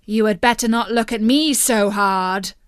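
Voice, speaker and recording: A woman's voice: a little high, a little slow, clean tone, dry recording, clean studio sound, lightly acted. A woman doing a brash young soldier. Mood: cocky. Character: bold young male soldier, brash and greedy.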